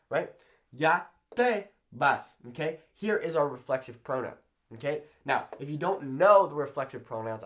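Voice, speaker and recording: A man teaching a Spanish lesson at a whiteboard, checking in with "okay?" after nearly every point and slowing down on example phrases. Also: medium pitch. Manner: animated, repeats "okay?" often, slows down on example phrases. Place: classroom-style room with whiteboard.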